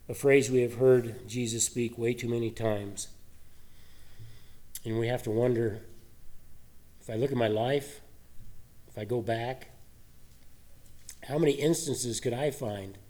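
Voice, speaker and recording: A man's voice: mid-range voice, unhurried, warm tone. A male pastor giving a sermon in a conversational way, asking many rhetorical questions.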